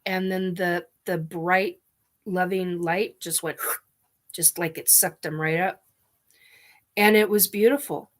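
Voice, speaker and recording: A woman speaks slowly to her camera from her living room, telling a deeply personal story. She is crying as she talks, stopping and restarting, sniffing and apologizing between phrases. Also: steady tone. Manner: tearful, halting, with restarts and sniffs. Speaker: vlogger.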